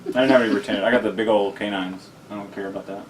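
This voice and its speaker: A man co-hosting a podcast round table, telling stories in a lively, animated way with many restarts. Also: lowish voice, racing. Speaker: podcast co-host. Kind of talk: casual chat. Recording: distant mic with faint noise.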